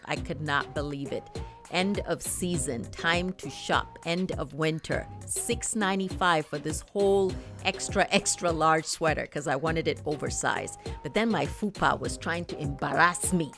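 A middle-aged woman chats through a clothing try-on for her viewers, laughing easily as she goes. Her voice sits on the low side. Soft music plays faintly underneath. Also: measured pace, vocal fry. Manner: chatty, laughs often, talks straight to viewers. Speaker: fashion haul vlogger. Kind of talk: casual chat to camera.

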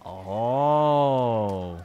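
A man's voice: mid-range voice, lively intonation, extremely slow, mellow, muffled recording, a little hiss or hum. Playful man streaming a game. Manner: playful, teasing, chatty. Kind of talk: casual gameplay commentary.

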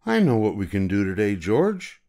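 An older man voicing a friendly grown man with a yellow hat who talks in a brisk, upbeat way. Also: fairly low pitch, huge pitch swings.

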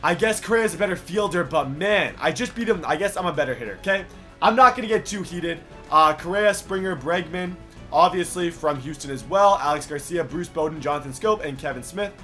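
A young man giving animated gameplay commentary for his video channel, heated and playful with loud outbursts. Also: on the high side, brisk, soft background music. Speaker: gaming YouTuber.

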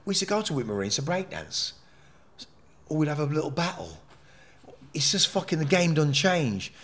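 A man, talking candidly in a podcast interview. He swears constantly, jumps between loud outbursts and low mutters, and restarts his sentences as the stories pour out. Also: normal speed, pauses often. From England. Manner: animated, profane, rambling with frequent restarts. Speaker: podcast guest.

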